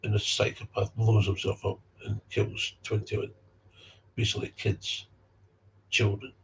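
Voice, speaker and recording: A man's voice: lowish voice, monotone, a little slow, creaky, noisy background. A man with a Scottish accent giving a blunt, heated personal talk about recovery, swearing freely. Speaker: speaker on recovery. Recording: dull lo-fi recording.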